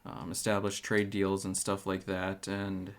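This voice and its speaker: A man's voice: deep voice, completely flat delivery, measured pace. A man playing a tabletop game, speaking hesitantly and full of ums as his character. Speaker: player.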